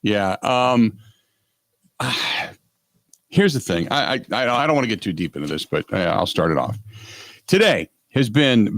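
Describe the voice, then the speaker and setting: A man's voice: on the low side, big pitch swings, measured pace, long pauses, fairly bright tone, no echo. Rambling sports radio host man, dry studio sound. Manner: rambling, stumbles and repeats himself, exasperated. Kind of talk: casual sports talk radio.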